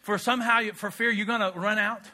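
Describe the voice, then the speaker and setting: A male pastor delivers a sermon in a church sanctuary. His voice sits high and sounds bright, and he keeps things animated and humorous, throwing questions out to the congregation. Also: fast talker.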